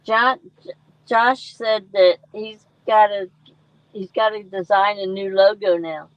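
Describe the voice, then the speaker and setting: A woman's voice: mid-range voice, fairly even intonation, measured pace, no echo. A woman co-hosting a casual livestream, reading viewer comments and answering them conversationally. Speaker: co-host. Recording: dull dry lo-fi sound.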